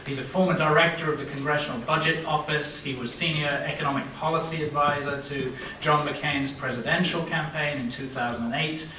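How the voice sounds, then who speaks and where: A man with a somewhat high voice opens the event with hesitant remarks. He sounds distant in a very echoey hall, with noise behind him. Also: steady tone, brisk, hardly any pauses, bright, forceful tone. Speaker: event host. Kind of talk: opening remarks. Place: lecture hall.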